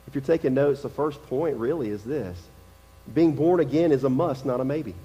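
A man's voice: mid-range voice, moderate pace, dark tone, big-room sound, muffled recording. A male pastor preaching a sermon in a conversational, emphatic way, repeating his key phrases. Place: church sanctuary.

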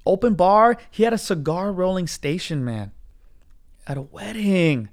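A man with a slightly raised voice hosts a podcast alone, telling a story loosely and with lots of swearing. He tacks "dude" and "man" onto almost every phrase, and his voice is a bit hoarse. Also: sits high, measured pace. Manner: profane, animated, says dude constantly. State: hoarse from cigars. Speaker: podcast host. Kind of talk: casual podcast monologue.

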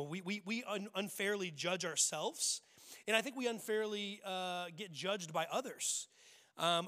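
A man's voice: sits high, sharp tone. A man preaching a casual, humorous sermon as pastor, talking conversationally with frequent restarts. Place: church sanctuary. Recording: long hall reverb.

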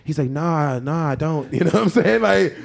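A young man telling a long story in casual podcast chat, animated and laughing often, acting out what people said. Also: a little high, normal speed, creaky. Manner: animated, laughing, acts out quoted lines. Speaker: podcast co-host.

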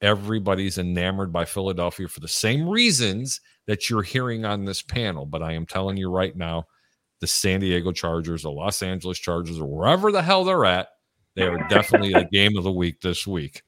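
Brash, bright-voiced man hosting a sports show. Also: low-pitched, brisk, dry recording, studio quality. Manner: loud, brash and joking, often laughing. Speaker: sports betting show host. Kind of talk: casual sports betting talk.

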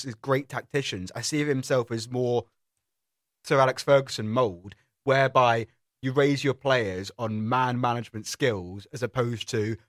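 A chatty British man on a podcast, talking casually and dropping British slang. His voice sits in an ordinary middle pitch. The sound is close and dry. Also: no echo. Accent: British English. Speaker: podcast co-host. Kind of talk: casual chat.

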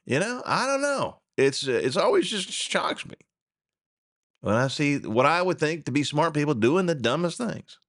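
A man's voice: on the high side, moderate pace, dry recording, clean studio sound. A middle-aged man hosting a radio talk show, ranting in a casual, chuckling way. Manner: animated, ranting, chuckling asides.

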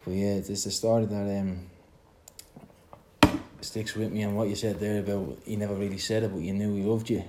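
An Irish man speaking reflectively in a conversation, halting and repeating words as he searches for them. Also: lowish voice, flat delivery, heavy background noise. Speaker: son in a conversation.

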